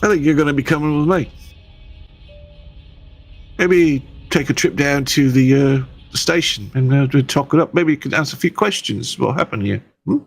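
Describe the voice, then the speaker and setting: A man voicing a gruff working-class London police constable. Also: fairly high pitch, moderate pace, faint music behind, voice pushed up. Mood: indignant.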